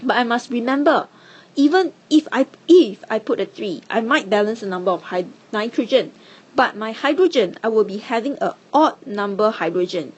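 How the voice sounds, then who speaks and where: A woman's voice: fairly high pitch, expressive, normal speed, a little mellow, breathy edge. A woman teaching chemistry, explaining step by step in a patient, encouraging way. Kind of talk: classroom lesson.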